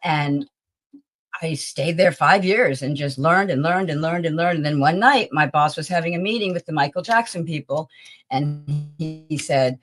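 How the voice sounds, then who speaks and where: Animated older woman telling stories. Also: deep voice, moderate pace, faint music behind. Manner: animated storyteller who acts out the people in her stories. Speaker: talent agency founder, podcast guest. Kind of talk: anecdotal interview storytelling.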